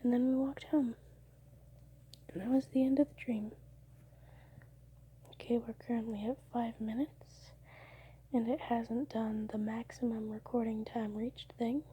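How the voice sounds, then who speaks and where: A young woman whispering close to the mic at home late at night, telling her dreams in a soft ASMR style and now and then breaking into laughs. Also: on the high side, steady tone, a little slow, pauses often, slight background noise. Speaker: ASMR creator.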